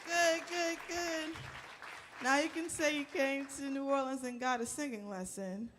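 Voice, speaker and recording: A woman's voice: high voice, measured pace, crowd noise, noisy background. A woman park ranger and band singer leading an audience in a call-and-response singalong, with encouraging, playful, half-sung calls, on a stage mic. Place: live jazz performance indoors. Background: live jazz band.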